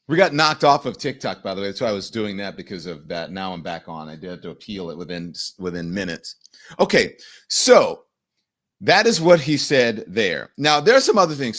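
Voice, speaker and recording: Animated male news show host. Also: lowish voice. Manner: animated, mimics people in quoted voices. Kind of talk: live news commentary.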